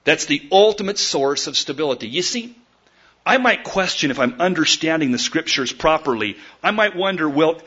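A man preaching a sermon, emphatic, swinging between loud declarations and quiet asides and calling his listeners folks. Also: fairly high pitch, animated, normal speed, breathy edge. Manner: addresses the listeners directly as folks. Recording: dull lo-fi recording.

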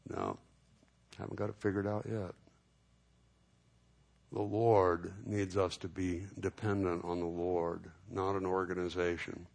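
A man's voice: sits low, vocal fry. A middle-aged man pastor preaching a sermon, telling a story and acting out the people in it. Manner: storytelling, animated when acting out dialogue.

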